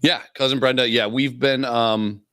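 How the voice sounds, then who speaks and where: A man's voice: mid-range voice, steady tone, moderate pace, fairly bright tone, clean tone, dry recording, studio quality. A man co-hosting a podcast, talking casually and swearing freely, with frequent chuckles. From Illinois. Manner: laid-back, profane, chuckles often. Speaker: podcast co-host.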